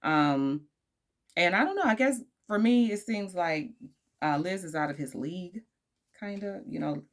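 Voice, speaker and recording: Low-voiced sassy woman reviewing TV. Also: unhurried. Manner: animated, laughing asides, slangy and sassy. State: tired, late at night. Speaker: YouTuber reviewing a dating show. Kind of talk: casual chatty review.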